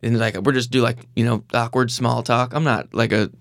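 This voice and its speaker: Gravelly, self-deprecating young man telling a story. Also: mid-range voice, fairly even intonation, brisk, no room sound, studio quality. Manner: self-deprecating, rambling with many restarts. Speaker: podcast guest. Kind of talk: casual storytelling.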